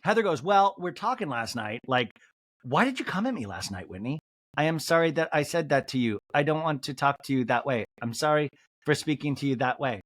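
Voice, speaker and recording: A man hosting a comedy podcast, recapping a reality show episode and acting out the cast members' lines in quick put-on voices. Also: on the high side, animated, a bit bright, no echo. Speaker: podcast host.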